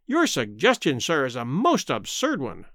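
A man's voice: medium pitch, huge pitch swings, moderate pace, a bit bright, no room sound, clean studio sound, voice pushed down. A man voicing a spiteful, pompous old busybody squire who blusters with indignation, reading a storybook. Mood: scornful.

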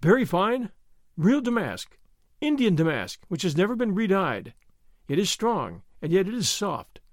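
A man's voice: sits high, big pitch swings, a little slow, dry recording, studio quality, full character voice. A man voicing an odd little old male curio merchant in an audiobook, a strident voice that giggles and mutters half to himself. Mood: mumbling. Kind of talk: audiobook character voice.

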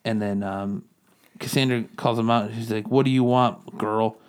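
In a clear, resonant, lowish voice, a man co-hosts a casual comics podcast at a moderate, steady pace. He gives a rambling plot recap and drops in quotes from the characters as he goes.

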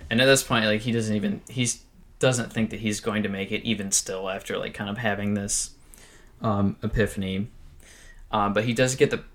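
A man's voice: fairly low pitch, steady tone, normal speed, fairly bright tone. Swearing man telling a survival story. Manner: laughs often, swears freely. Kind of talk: casual storytelling chat.

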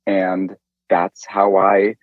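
A middle-aged man from Northern California, an interview guest telling a personal faith story in an animated way and acting out quoted lines. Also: sits low, very slow, dry recording. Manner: animated storyteller who acts out quoted speech. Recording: dull lo-fi dry sound.

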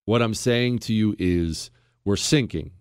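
A man's voice: fairly low pitch, unhurried, darkish tone, smooth, dry recording. A man hosting a radio talk show, telling a story with emphatic, self-deprecating humor, then moving into political commentary, in a studio.

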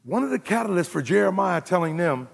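A male pastor delivers a sermon in a gravelly, husky voice that sits a bit high for a man. He swings from quiet, low asides to loud bursts of excitement. The sound carries a long reverb from the church hall. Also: fairly quick. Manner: animated preaching, swinging from low murmurs to shouts. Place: church sanctuary.

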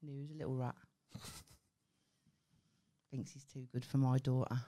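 A woman's voice: very deep voice, flat delivery, measured pace, mellow. A woman with a Brummie Scouse accent co-hosting a podcast, blunt, sweary and teasing in casual chat. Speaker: podcast co-host.

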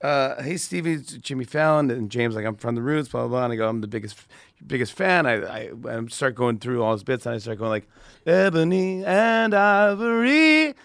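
Guy guest on a podcast, gets all excited telling stories, does the voices, dry mic. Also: medium pitch, fairly quick, vocal fry, no echo. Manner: excited storytelling, acts out dialogue. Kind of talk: casual chat.

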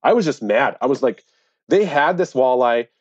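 A man's voice: medium pitch, expressive, normal speed, dull audio, faint music behind. A man in an interview, earnestly recounting a dispute with officials and growing indignant. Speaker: interviewee, angler. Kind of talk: conversational storytelling.

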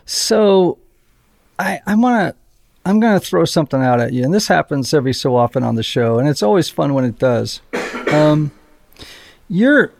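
A man hosting a podcast interview, thoughtful and halting as he speaks. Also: fairly high pitch, expressive, creaky. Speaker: podcast host.

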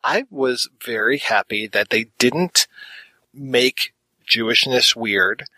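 A male co-host in easy podcast conversation, with a mid-pitched voice that has a bright, forward edge. He chats loosely about small moments he liked. The recording is dry and close. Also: slow pace, dry recording, low-quality recording. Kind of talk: casual podcast discussion.

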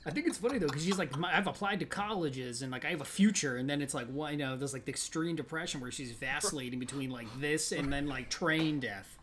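A man's voice: a little high, fast, few pauses, fairly bright tone, a little hiss or hum. A man chatting about a film in a rambling way, full of "like" fillers. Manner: rambling, filler-heavy with lots of "like". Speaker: podcast co-host. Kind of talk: casual movie review chat.

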